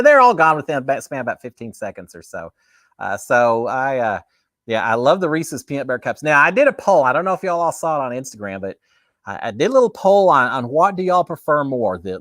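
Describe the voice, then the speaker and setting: Middle-aged male host, animated and fairly high-pitched, rambling jokey live-stream chat, dry sound. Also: no echo. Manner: rambling and jokey, chatting with viewers.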